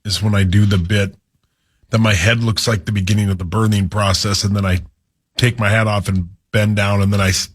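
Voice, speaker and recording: Husky low-voiced radio co-host man. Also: little pitch movement, a little fast. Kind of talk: morning radio banter.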